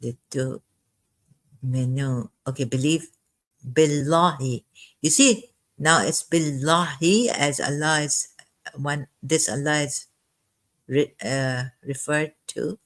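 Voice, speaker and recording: A speaker giving a halting, informal commentary on a scripture verse, with a cough, often repeating words and restarting sentences. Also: mid-range voice, fairly even intonation, a bit bright. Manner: slow and deliberate, dwells on single words. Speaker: religious commentator.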